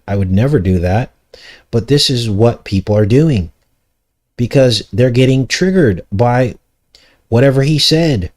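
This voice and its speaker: Man, online commentator, reads articles aloud, sarcastic, casual, mid pitch. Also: a little mellow. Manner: sarcastic, mocking asides.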